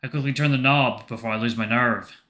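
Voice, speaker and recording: A man hosting a gaming channel, reading a story game aloud in steady narration. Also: mid-range voice, brisk. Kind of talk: reading a visual novel aloud.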